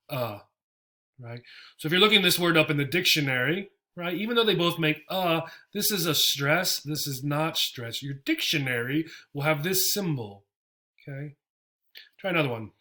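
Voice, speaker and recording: A man's voice: a little high, animated, a little slow, sharp tone. A man teaching English pronunciation to learners, modeling sounds and often checking in with "right?". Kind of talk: classroom pronunciation lesson.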